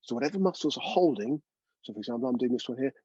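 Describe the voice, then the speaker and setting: A man's voice: mid-range voice, animated, very fast, mellow, slightly rough, no echo, lo-fi sound. A man teaching a live online breathwork class, chatty and coaching, often checking in with his students.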